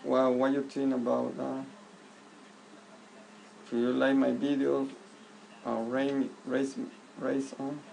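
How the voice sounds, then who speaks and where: A gravelly-voiced YouTuber walks through a casual screen-recorded tutorial in a mid-range, monotone, dark voice. He's halting, repeats words, and gives simple direct instructions; the rough recording has faint background noise.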